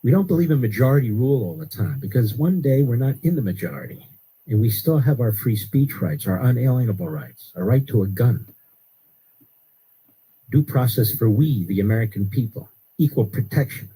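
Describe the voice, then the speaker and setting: A man hosting a talk radio show, delivering an emphatic political commentary monologue that rises to sharp outbursts. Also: sing-song, normal speed, husky, rough recording. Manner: emphatic, rising to sharp high-pitched outbursts.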